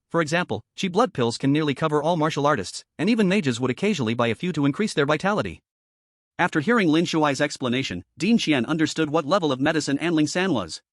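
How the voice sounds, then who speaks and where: A man narrating an audiobook in a steady storytelling manner. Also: fairly high pitch, no room sound, clean studio sound.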